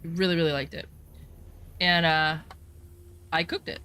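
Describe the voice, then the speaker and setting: A woman's voice: low voice, fairly even intonation, moderate pace, sharp tone, clear, resonant tone. A woman vlogger casually telling a personal story in a blunt, candid way, swearing freely and rambling with fillers and restarts.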